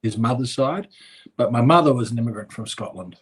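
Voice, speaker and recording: A man's voice: mid-range voice, lively intonation, fairly quick. A man from Australia, a politician guest speaking in a casual interview, hesitant with many fillers and restarts.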